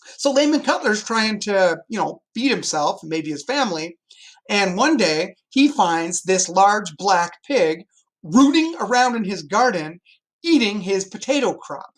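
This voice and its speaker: A man's voice: sits high, measured pace. Guy teaching history to his class, jokey and upbeat, points stuff out as he goes. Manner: lively, joking, explains with a map.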